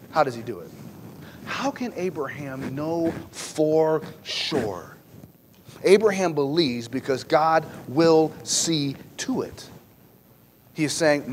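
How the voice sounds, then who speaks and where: A man preaching a sermon with impassioned emphasis, swinging from loud to hushed. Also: a little high, expressive, measured pace. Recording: long hall reverb, faint noise.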